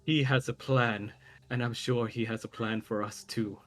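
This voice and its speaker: A man's voice: medium pitch, steady tone, moderate pace, fairly bright tone, natural voice. A man voicing an uptight, pompous male servant with a stiff, prim way of talking.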